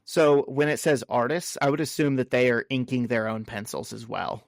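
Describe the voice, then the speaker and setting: A man's voice: mid-range voice, fairly even intonation, normal speed, vocal fry, no echo. A man co-hosting a comic book podcast, casual chat with dry, sarcastic quips. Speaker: podcast co-host.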